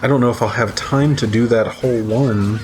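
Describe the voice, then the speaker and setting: Male host, mid-pitched voice, dramatic story reader with playful asides. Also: steady tone, brisk, darkish tone, a little hiss or hum. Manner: laughs often, playful banter between readings. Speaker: channel host reading horror stories. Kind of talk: dramatic reading with casual asides.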